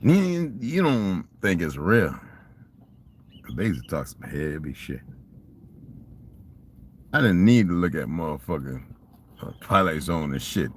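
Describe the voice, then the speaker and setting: A man's voice: deep voice, sing-song, a little slow, pauses often, a little hiss or hum. An older man telling rambling, profane stories in a casual monologue and asking rhetorical questions. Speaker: vlogger.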